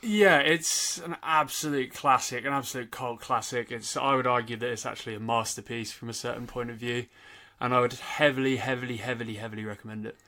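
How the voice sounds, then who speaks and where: A man's voice: mid-range voice, fairly even intonation, fairly quick, bright, forceful tone. A man co-hosting a film podcast in casual chat, stressing his points by repeating words. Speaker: podcast co-host.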